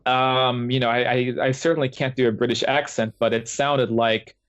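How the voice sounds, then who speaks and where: This male guest author talks about his experiences in a casual interview, rambling with many fillers and restarts. His medium-pitched voice barely moves in pitch, comes at a normal speed, and sounds fairly bright, clear, and resonant with no room sound. The call audio itself is dull, lo-fi, and dry.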